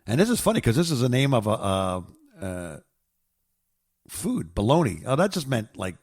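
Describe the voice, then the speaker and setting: A man's voice: medium pitch, very animated, normal speed, darkish tone, no echo. An older man co-hosting a podcast in casual chat, often groping for words and chuckling. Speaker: podcast co-host.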